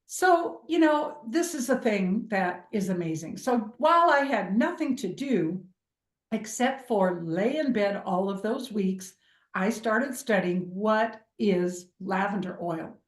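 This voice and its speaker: Expressive woman telling a story, echoey room. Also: mid-range voice. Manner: expressive, acts out quoted voices. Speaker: speaker sharing a personal story. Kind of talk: animated personal storytelling.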